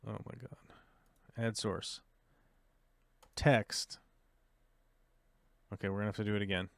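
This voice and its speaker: A man hosting a casual livestream podcast, muttering and complaining to himself while he struggles with software, talking to his viewers. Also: fairly low pitch, steady tone, measured pace, creaky, long pauses, no room sound, studio quality. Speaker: podcast host.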